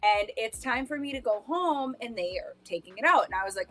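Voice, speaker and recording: A woman's voice: on the high side, animated, fairly quick, hardly any pauses, a bit bright, faint music behind. A woman co-hosting a podcast, telling her own stories in casual chat, rambling with restarts and laughing at herself. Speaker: podcast co-host.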